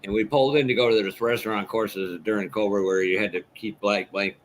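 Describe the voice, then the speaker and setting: A man's voice: on the low side, steady tone, quick pace, slight background noise, rough recording. A man hosting a casual hobby livestream, swearing freely and laughing through blunt, storytelling chat.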